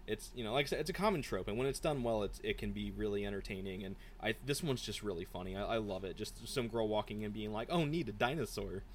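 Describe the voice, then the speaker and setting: Rambling animated man, podcast co-host. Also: on the low side, fast, few pauses, a little hiss or hum. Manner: rambling, animated, mimics characters mid-story. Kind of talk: casual book discussion.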